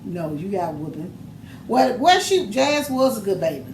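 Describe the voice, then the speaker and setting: A woman's voice: mid-range voice, sing-song, moderate pace, a little mellow. A middle-aged mother talking on a podcast in an emphatic, preachy storytelling manner. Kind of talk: casual chat. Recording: echoey room with noise.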